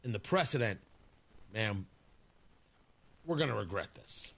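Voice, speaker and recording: A man's voice: fairly low pitch, animated, measured pace, vocal fry, a bit bright, slightly rough. A man hosting a morning talk radio show in a studio, delivering an indignant, sarcastic monologue with emphatic jabs. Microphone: studio microphone.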